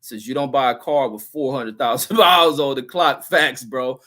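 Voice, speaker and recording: A man's voice: medium pitch, normal speed, pushed and bright. A middle-aged man hosting a livestream, reading chat comments and telling loose, crude stories in a casual, profane rant.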